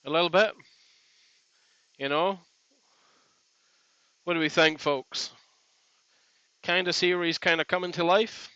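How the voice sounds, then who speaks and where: A man's voice: high voice, steady tone, a little slow, long pauses, sharp tone, smooth, dry recording, dull audio. A man hosting a woodworking live stream, chatting in a rambling, joking way from his workshop. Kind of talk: casual live stream chat. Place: home workshop.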